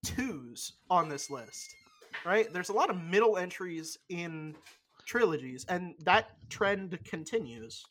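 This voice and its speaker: Young podcast cohost, blunt hot takes, swears a lot, lots of uh and um, mid pitch. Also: animated, a bit bright. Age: young adult. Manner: blunt, opinionated, swears freely; loose, halting delivery with many fillers. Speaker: podcast co-host. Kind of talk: casual chat.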